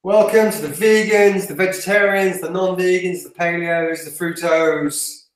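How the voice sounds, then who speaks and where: A man's voice: sits high, steady tone, measured pace. A man with a British accent co-hosting a casual podcast, wry and sarcastic. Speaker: podcast co-host. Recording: very roomy echo.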